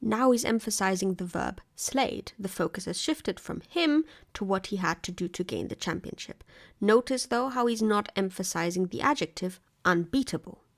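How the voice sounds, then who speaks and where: A woman's voice: medium pitch, animated, normal speed. A woman narrating a scripted video essay, analytical and wry.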